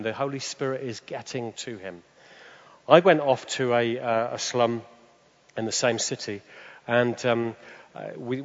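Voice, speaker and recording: A man preaching a sermon, telling stories and swinging up into high, excited tones. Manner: animated, jumps to high excited pitch. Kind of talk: sermon with storytelling. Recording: dull sound with long hall reverb.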